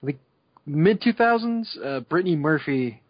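A man co-hosting a podcast chats casually, rambling, laughing as he talks, and saying "like" constantly. His voice sits a little high, expressive and unhurried, in a slightly dull, dry recording with no echo.

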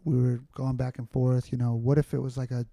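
A man's voice: mid-range voice, level tone, brisk, vocal fry, mellow, no room sound. A man talking casually as a podcast guest, rambling and candid, with many fillers and restarts. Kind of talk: casual conversational storytelling.

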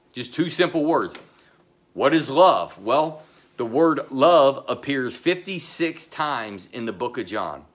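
Preaching with slow emphasis, the middle-aged pastor breaks often for pauses and sinks abruptly into a hushed voice, now and then chatting directly with the congregation.

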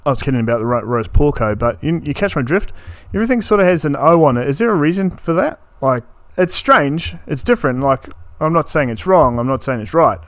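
A man's voice: on the high side, expressive, fairly quick, few pauses, dry recording. Sweary ranting podcast man. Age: 30s. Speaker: podcast host. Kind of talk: solo podcast rant.

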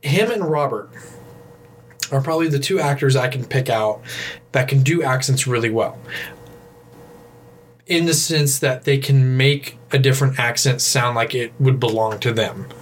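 A man co-hosting a casual podcast chat, excitable and laughing often, with some swearing. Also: medium pitch, normal speed, long pauses, slight background noise. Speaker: podcast co-host.

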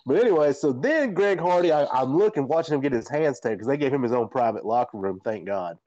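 A man's voice: medium pitch, fast talker, no echo, highs cut off. A man, a podcast host and fighter, telling a rambling, profane story in a casual chat. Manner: animated, profane, rambling anecdotes.

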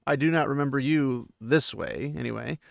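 A man's voice: mid-range voice, normal speed, gravelly, no echo, studio quality, lightly acted. A man voicing an ancient, scornful male sorcerer villain who taunts and threatens coldly. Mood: menacing. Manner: cold, mocking and threatening.

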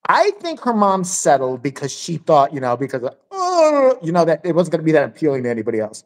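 Animated, foul-mouthed woman telling stories. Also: low-pitched, brisk. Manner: crude, blunt and animated, swears freely. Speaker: podcast host. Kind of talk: casual storytelling chat.

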